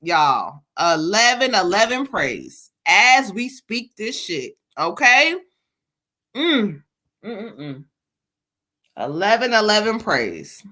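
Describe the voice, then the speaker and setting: Bright, emphatic woman doing a live spiritual reading. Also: mid-range voice, very animated, slow pace. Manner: emphatic, profane, calls out to viewers as "child" and "y'all". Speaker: livestream co-host giving spiritual readings.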